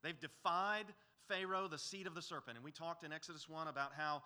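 Guy preaching a sermon, earnest n pleading, kinda high, really bright sharp tone. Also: fairly even intonation, a little fast, clean tone. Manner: earnest, pleading, builds to emphatic peaks. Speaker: pastor. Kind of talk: expository sermon.

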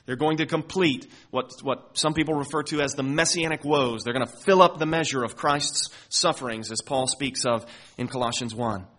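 A man's voice: medium pitch, moderate pace, fairly bright tone. A man preaching a sermon as pastor, earnest and building to emphatic peaks as he reads and explains scripture.

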